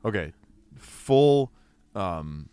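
A man co-hosting a casual book club chat, earnest and quick to laugh. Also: low voice, smooth. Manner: earnest, animated, laughs easily. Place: indoor studio with mics.

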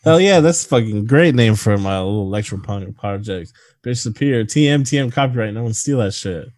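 A man's voice: on the low side, lively intonation, brisk, a little mellow, no room sound. A man co-hosting a podcast, chatting casually about a bad movie, crude and jokey, often laughing. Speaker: podcast co-host.

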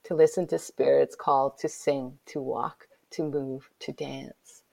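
A woman author in her thirties telling a personal story in an interview, moving from whispered moments to loud exclaiming. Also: very deep voice, steady tone, slow, creaky. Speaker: guest, author.

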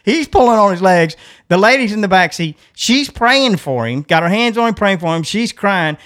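Animated storytelling man, drawl. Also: high voice, moderate pace. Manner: animated, laughs while telling a story, acts out voices. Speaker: podcast co-host. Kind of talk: casual storytelling.

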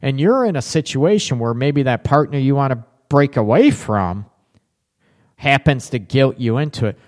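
A man hosts a relationship talk show as a live stream, reading viewer comments aloud and answering them in a candid, frank, chatty way with frequent restarts. His mid-range voice is animated, with a moderate pace, a darkish tone and big-room sound.

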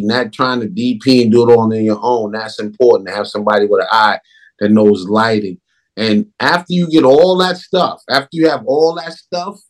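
A man who directs films, talking in a casual interview in an emphatic, animated way. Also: medium pitch. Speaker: film director.

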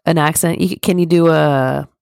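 Sassy gravelly-voiced woman co-host. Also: low-pitched, fairly even intonation, normal speed, darkish tone, no room sound, clean studio sound. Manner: sassy, swearing, teasing. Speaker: podcast co-host. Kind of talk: casual chat.

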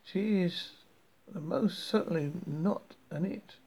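A man's voice: high voice, dark tone. A man putting on a cold, stern old woman. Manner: cold, firm, measured. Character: cold, stern elderly woman protecting a siren.

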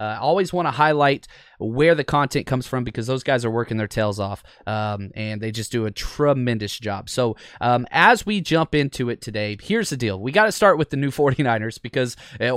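A man's voice: medium pitch, no echo, studio quality. Chatty man hosting a sports podcast. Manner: chatty, enthusiastic, frequent fillers. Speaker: podcast host. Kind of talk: casual sports podcast talk.

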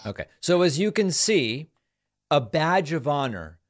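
A man's voice: fairly high pitch, very animated, unhurried. A man hosting a political talk show, giving mocking commentary over news clips. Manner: sarcastic, mocking.

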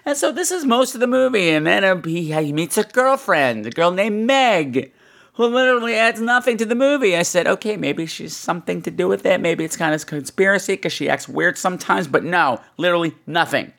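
Blunt, animated film-review podcast host. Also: mid-range voice, a little fast, gravelly. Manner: animated, acts out scenes with exaggerated voices; blunt and profane. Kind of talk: casual ranting film review.

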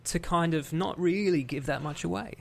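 A man's voice: fairly high pitch, moderate pace, gravelly. A man co-hosting a podcast in casual chat, loose and profane, laughing often. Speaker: podcast co-host.

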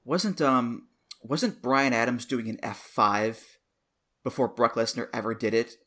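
A man's voice: mid-range voice, a little slow, a bit bright. A man in his thirties co-hosting a podcast, chatting casually and enthusiastically, laughing easily as he reminisces. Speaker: podcast co-host. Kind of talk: casual chat.

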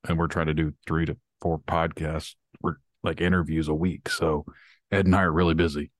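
A man's voice: rumbling low, level tone, moderate pace, dry recording, clean studio sound. A man co-hosting a podcast, talking in a casual, earnest, drawling way and ranting at times. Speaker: podcast co-host.

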